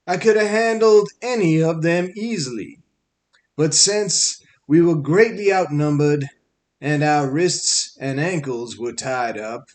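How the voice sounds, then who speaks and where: A man narrating an audiobook story in a measured, wry storytelling manner. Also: on the high side.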